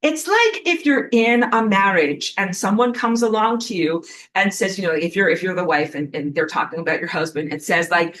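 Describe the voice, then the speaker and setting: A spiritual teacher speaks casually and animatedly on a livestream at normal speed, rambling with plenty of fillers and occasional profanity, reading out viewer comments and apologizing often. The mid-range voice is a bit bright. The audio is poor, with a little hiss or hum.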